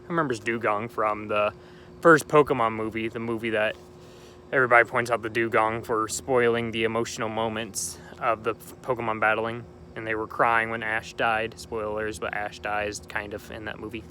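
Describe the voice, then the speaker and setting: A man's voice: lowish voice, level tone, normal speed, bright, forceful tone, slight background noise. A young man hosting a gaming channel, talking casually and rambling cheerfully about a game while sitting outdoors at night. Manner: chatty, rambling and upbeat. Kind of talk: casual let's-play commentary.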